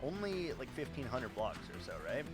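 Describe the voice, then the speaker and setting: A man's voice: mid-range voice, sing-song, normal speed, loud music behind the voice. Profane Midwestern streamer man. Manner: profane, rambling, laughs at himself. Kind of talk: casual gaming livestream chat.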